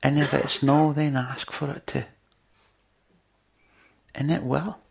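A man's voice: mid-range voice, flat delivery, slow, creaky, breathy edge. A man preaching a sermon in an earnest, conversational way, with lots of rhetorical questions to his listeners.

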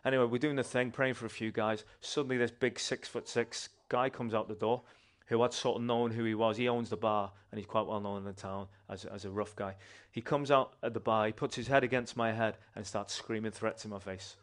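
A man, a church member giving a personal testimony in an animated, conversational way with restarts. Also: fairly low pitch, a little fast, few pauses.

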